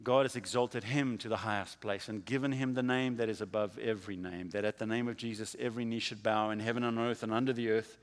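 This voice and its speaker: A man preaching a sermon, with a dramatic delivery that swings from quiet to loud. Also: lowish voice, big-room sound. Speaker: pastor.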